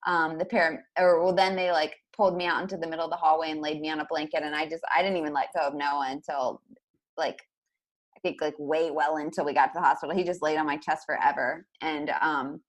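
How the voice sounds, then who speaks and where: Young woman, podcast guest, quick casual storytelling, lots of fillers, lowish voice. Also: steady tone. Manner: rapid, filler-heavy, peppered with "like".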